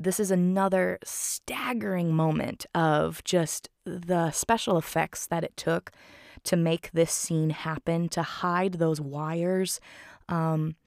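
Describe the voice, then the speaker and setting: A woman's voice: fairly low pitch, gravelly, darkish tone, no room sound, studio quality. A woman casually retelling a film scene by scene, chatty and giggling often.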